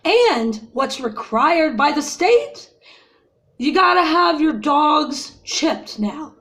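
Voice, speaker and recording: A woman's voice: high-pitched, expressive, takes it slowly, fairly bright tone. A woman in her fifties venting to her viewers in an agitated, ranting way, upset after crying and calling her audience "y'all". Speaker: vlogger. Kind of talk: emotional personal vent to viewers.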